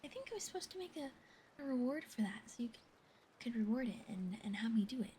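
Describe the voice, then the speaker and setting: Woman ASMR streamer with a high voice, slow and giggly, drops whispers and curses, rain sounds behind her. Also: very animated, mellow, slight background noise. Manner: playful, giggly, swears casually; whispers often. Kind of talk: soft-spoken ASMR livestream chat.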